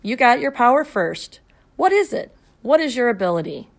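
A woman reading an audiobook voices a middle-aged father who talks in booming, commanding speeches. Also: big pitch swings, normal speed, vocal fry. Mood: eager. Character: boisterous pompous superhero dad, middle-aged man. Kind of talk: audiobook character voice.

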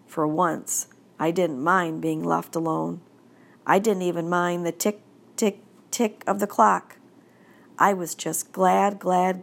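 A woman narrating a children's audiobook in a gentle, deliberate storytelling manner. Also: lowish voice, vocal fry.

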